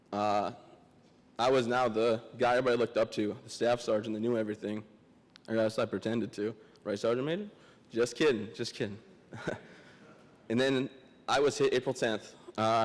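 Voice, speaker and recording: A young man giving a memorial speech as a guest speaker, joking and self-deprecating, halting and emotional, close to tears. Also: medium pitch. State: emotional, teary. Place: large memorial hall. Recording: long hall reverb.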